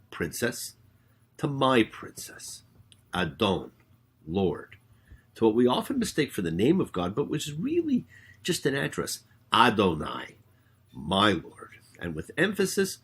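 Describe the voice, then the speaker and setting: A man, a rabbi hosting his own show, giving a spoken sermon with emphatic, drawn-out words. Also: on the low side, slightly rough. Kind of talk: spoken sermon with prayer and sung hymn.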